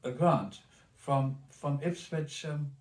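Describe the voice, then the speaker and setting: A man's voice: fairly high pitch, slow pace, recorded from a distance. A man in his eighties with a German accent, recalling his life in a recorded oral history interview, rambling with many restarts and repeated words. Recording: echoey room, off mic.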